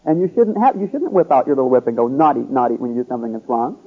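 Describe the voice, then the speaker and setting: A man's voice: mid-range voice, very animated, rapid-fire, breathy edge. A man giving a conversational sermon, often checking in with his listeners by asking "See?" and "Okay?". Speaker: pastor. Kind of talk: sermon teaching. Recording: tinny phone-like radio broadcast.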